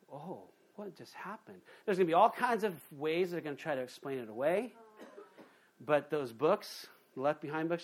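Male pastor delivering a lively sermon, slightly higher voice, punches key lines and drops low for asides. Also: slight background noise. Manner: animated, swings from loud emphasis to quiet asides, acts out quoted voices.

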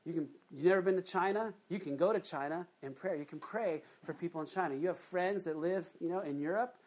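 Animated, chatty preacher mid-sermon. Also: mid-range voice, fairly quick. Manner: chatty, asks the congregation questions. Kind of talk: conversational sermon.

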